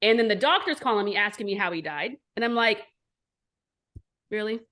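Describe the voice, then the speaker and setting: Blunt, animated businesswoman in her forties. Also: mid-range voice, quick pace. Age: 40s. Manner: blunt, profane, animated storytelling. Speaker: entrepreneur guest. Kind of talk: candid storytelling interview.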